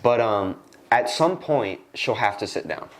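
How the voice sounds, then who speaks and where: A man's voice: measured pace, a little hiss or hum. A young man hosting a podcast in a studio, telling a casual work story and acting out the people in it with sudden jumps in his voice. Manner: animated, acts out quoted lines with jumps in pitch. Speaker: podcast host.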